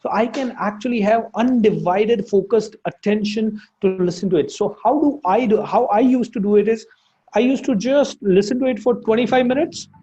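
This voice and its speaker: With dull lo-fi audio, a warm-toned English teacher speaks at normal speed and medium pitch with an Indian accent. His casual lesson blends in Hindi and is full of fillers and restarts.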